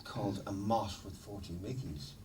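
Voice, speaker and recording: A middle-aged man, a musician guest in an interview, telling stories in a lively, laughing, swearing manner. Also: lowish voice, normal speed. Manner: animated, swearing, laughing storyteller. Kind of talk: casual storytelling interview. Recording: distant mic with noticeable background noise.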